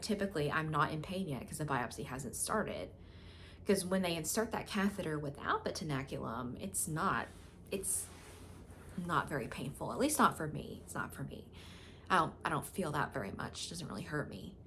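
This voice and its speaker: Woman vlogger, casual storytelling to camera, frank and emotional, low-pitched, faint background hiss. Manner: candid, frank and emotional, with filler words.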